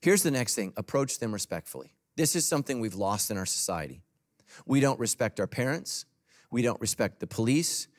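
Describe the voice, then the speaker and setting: Preaching a sermon in church, a pastor addresses his congregation fairly quickly and with lively intonation. He is emphatic, trading loud, punchy lines for soft, low asides.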